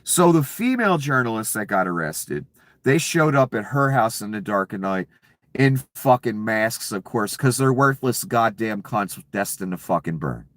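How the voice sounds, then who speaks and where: A man's voice: on the low side, sing-song, moderate pace, a bit bright, no room sound. A man delivering an angry, profane political rant, sarcastic and furious. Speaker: political commentator.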